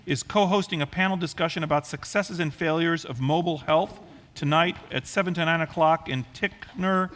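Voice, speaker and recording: A male professor giving a university lecture to a class, talking quickly and informally with frequent ums and uhs. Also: on the high side, a bit bright. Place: lecture hall.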